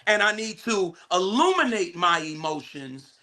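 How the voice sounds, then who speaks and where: A man teaching a spiritual class in a lively preaching style, repeating words, restarting phrases and speaking straight to his listeners, sometimes rising to a shout. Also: high-pitched, measured pace. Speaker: guest speaker, licensed therapist.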